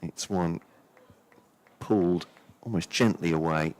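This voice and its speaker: In live cricket commentary, this co-commentator speaks slowly in a low, darkish voice. He calls each ball and carefully, methodically works through the fielders, naming their positions aloud.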